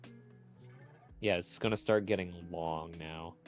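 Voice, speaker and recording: A man's voice: sits low, steady tone, unhurried, soft background music. A man doing casual esports commentary, rambling and self-deprecating, often laughing as he talks. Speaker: tournament commentator.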